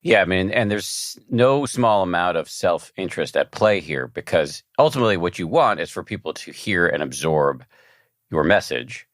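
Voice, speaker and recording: A man hosting a podcast interview, explaining in a measured way. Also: deep voice, animated, fairly bright tone, dry recording, clean studio sound. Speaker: podcast host.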